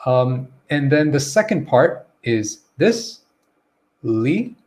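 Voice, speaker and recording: A man teaching a live online English grammar and pronunciation lesson. He is relaxed and encouraging, greets viewers by name, and checks understanding with a quick "okay?". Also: medium pitch.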